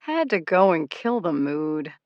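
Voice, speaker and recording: Teasing tipsy ex-husband read by a woman narrator, gravelly low audiobook voice, dry. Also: sing-song, a little slow, darkish tone, no echo, dull audio. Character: charming buzzed ex-husband, grinning and teasing. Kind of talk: audiobook character voice.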